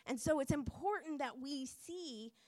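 A woman preaching a sermon in an earnest, measured way, with frequent pauses and fillers. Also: high-pitched, animated, a little mellow.

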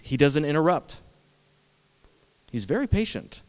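A man's voice: fairly high pitch, big pitch swings, moderate pace. A man preaching a sermon as pastor, conversational and self-deprecating, repeating words for emphasis. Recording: long hall reverb.

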